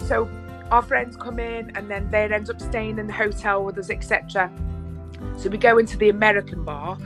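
A woman's voice: medium pitch, brisk, over music. Chatty Scouse woman telling stories. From England. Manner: lively storyteller, swears freely, laughs often. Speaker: guest. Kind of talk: casual chat on a podcast.

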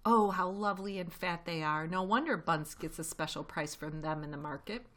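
A woman's voice: lowish voice, normal speed, a bit bright, natural voice. A woman reading a storybook voices a clever, gleeful fox father who gives grand orders. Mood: relishing.

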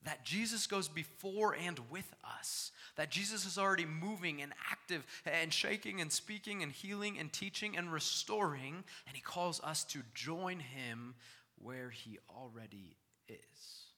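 Male pastor, animated sermon delivery, bright forceful voice, long hall reverb. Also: fairly high pitch, measured pace. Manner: animated preaching, acting out scripture voices.

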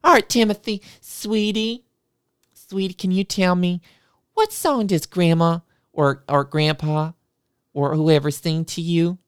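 A woman's voice: fairly low pitch, measured pace, clear, resonant tone, no echo, studio quality, voice pushed up, natural voice. A woman voicing a theatrical, syrupy music teacher who talks to children as if performing into a microphone. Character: gushing sing-song female music teacher, middle-aged.

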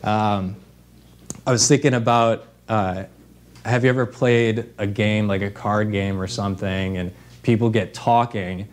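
A man's voice: fairly low pitch, fairly even intonation, measured pace. A man preaching an informal sermon in a conversational way, with fillers and restarts.

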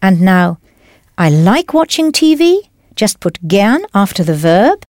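A woman's voice: mid-range voice, big pitch swings, takes it slowly, a little mellow, no room sound. Patient woman teaching in a dry studio. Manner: clear, patient, encouraging. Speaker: language teacher. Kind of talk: scripted language lesson narration.

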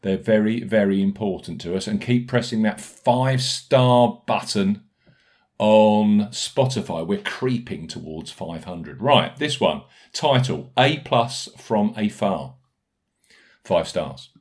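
A man hosting a casual podcast, brisk and jokey, reading out notes and listener reviews between banter. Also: lowish voice, lively intonation, darkish tone. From United Kingdom. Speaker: podcast host.

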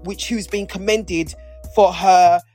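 With a lowish, mellow voice, she speaks slowly and in a steady tone, faint music behind her. This woman co-hosts a podcast, rambling in a playful, casual chat full of restarted sentences.

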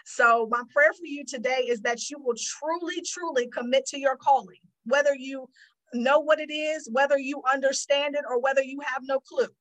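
A woman host giving sermon-style teaching, animated as she acts out prayers and God's replies. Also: sits high, normal speed, poor audio.

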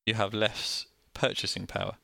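A Northern English man talks through a point in a plain, easygoing way, keeping things simple and slipping in a joke. His voice is low and bright. It sits close and dry on a studio mic. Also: little pitch movement, moderate pace, vocal fry, dry recording. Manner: plain-spoken, joking, explains simply. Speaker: co-host. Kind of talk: casual explanatory chat.

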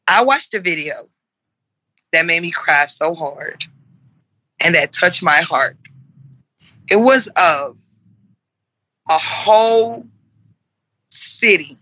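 A woman's voice: lowish voice, bright, forceful tone, dry recording, muffled recording. A woman in her forties, speaking earnestly and with passion in an interview and repeating herself for emphasis. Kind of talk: heartfelt conversational interview.

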